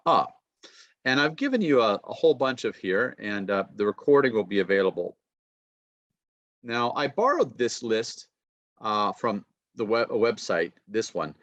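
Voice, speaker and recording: Lively-voiced man teaching pronunciation online. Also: lowish voice, no echo. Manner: models words slowly and clearly, upbeat praise. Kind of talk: online lecture with drills. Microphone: video call. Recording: dull, dry online call audio.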